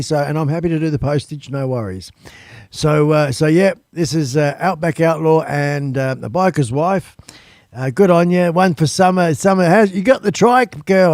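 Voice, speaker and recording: Male host, easygoing, rambling, casual swearing, gravel in the voice, fairly high. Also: darkish tone, no room sound, clean studio sound. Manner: rambling, full of ums and uhs. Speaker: live stream host. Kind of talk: casual live stream chat.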